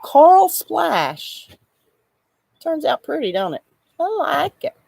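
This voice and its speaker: A woman's voice: high-pitched, big pitch swings, normal speed, gravelly, no room sound. Chatty woman on a livestream. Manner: chatty, reads comments aloud, laughs often. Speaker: livestream host, crocheter. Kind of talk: casual livestream chat. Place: outdoors in the shade.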